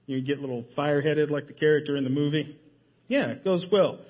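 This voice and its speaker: A man preaching a sermon in a church, emphatic and full of rhetorical questions, often dropping his voice low to stress a point. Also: brisk, dull audio. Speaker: pastor. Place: church sanctuary.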